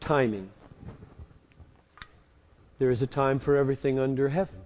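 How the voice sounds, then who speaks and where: A man's voice: mid-range voice, normal speed, darkish tone, in a large hall, lo-fi sound, slight background noise. A man answering audience questions as a pastor, speaking emphatically and repeating key words for force. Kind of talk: live Q&A teaching.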